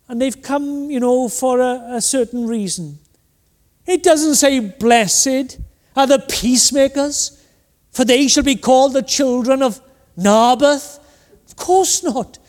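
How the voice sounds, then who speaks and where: High-voiced preacher in a reverberant hall. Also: male voice, darkish tone. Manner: emphatic, rhetorical, acts out little voices. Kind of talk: sermon.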